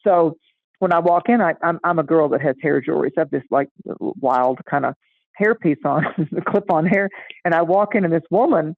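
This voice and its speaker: A middle-aged woman chatting casually and telling a lively story, acting out the voices of the people in it. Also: low voice, fairly quick, dry recording. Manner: animated, acts out voices in anecdotes. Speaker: astrology guest. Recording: tinny phone-like line, dry.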